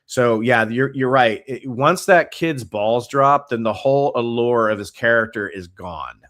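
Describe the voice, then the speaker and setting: A man's voice: mid-range voice, measured pace, fairly bright tone, dry recording, clean studio sound. Laid-back male podcast co-host. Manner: laid-back, swears, laughs often. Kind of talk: casual chat.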